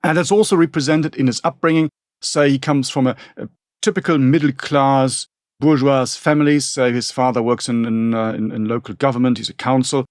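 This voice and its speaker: A man's voice: mid-range voice, steady tone, fairly quick, dry recording. Man talking history, dry sound. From northern Germany. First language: German. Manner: rambling, many restarts and asides. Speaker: podcast co-host, historian. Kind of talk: casual historical discussion.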